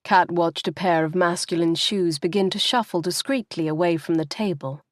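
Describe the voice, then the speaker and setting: A woman's low-leaning voice carries a measured, expressive audiobook reading of scripted text. There's no echo, and the quality is studio-grade.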